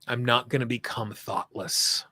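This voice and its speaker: Bright-voiced man guiding a tapping session. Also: mid-range voice, fairly even intonation, no room sound. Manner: slow, soothing affirmations; informal, chatty asides. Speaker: tapping coach. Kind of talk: guided tapping session, call and repeat.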